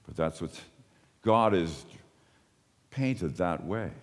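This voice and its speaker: A man preaching a sermon as pastor, swinging from lively emphasis down to soft, low, drawn-out lines. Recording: long hall reverb.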